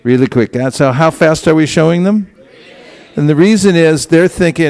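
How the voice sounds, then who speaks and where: Man teaching a lively devotional class. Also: a little high, normal speed. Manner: acts out quoted exchanges, asks the audience to respond. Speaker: teacher of book distribution. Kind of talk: class talk.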